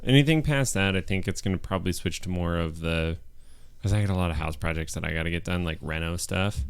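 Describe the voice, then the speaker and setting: A man's voice: deep voice, fast talker, smooth, no echo. A man in a casual group chat, talking bluntly with some teasing.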